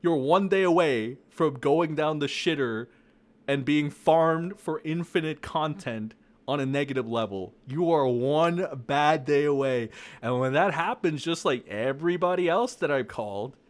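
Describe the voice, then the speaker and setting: A man's voice: fairly high pitch, expressive, a little slow. A young man ranting aggressively into a desk mic, profane and mocking, as an online commentator. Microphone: desk mic, no camera.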